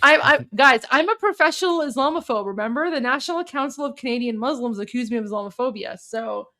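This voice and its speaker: A woman's voice: high-pitched, fast, bright, forceful tone. A young woman from Iran hosting a livestream, chatting casually with many fillers and restarts. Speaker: livestream host.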